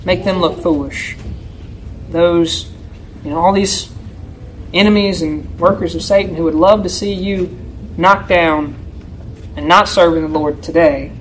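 Speaking at a measured pace with fairly even intonation and frequent pauses, a church elder preaches an expository sermon, emphatically asking "right?" of his listeners. He alternates between raised pleading and quiet asides. The rough recording carries a little hiss or hum.

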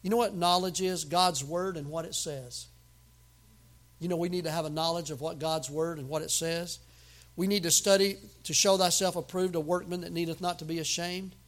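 Pastor, male, high-pitched, emphatic sermon delivery that swings from quiet asides to loud outbursts. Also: steady tone, moderate pace. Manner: emphatic preaching with sudden loud outbursts and humor.

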